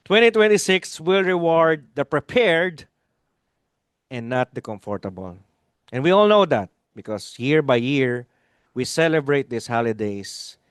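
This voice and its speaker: Man, webinar host, emphatic and interactive, smooth resonant voice, dry close sound, video call. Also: fairly high pitch, big pitch swings, unhurried, no room sound. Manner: emphatic and interactive, repeats key lines and asks viewers to type replies. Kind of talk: live webinar talk to an online audience.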